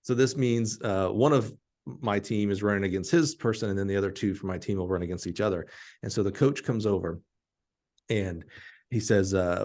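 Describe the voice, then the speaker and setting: A middle-aged man from Alabama, hosting a podcast and telling a story in an animated, laughing way. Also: on the low side, normal speed. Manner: animated, laughing storyteller who acts out quotes. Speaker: podcast host.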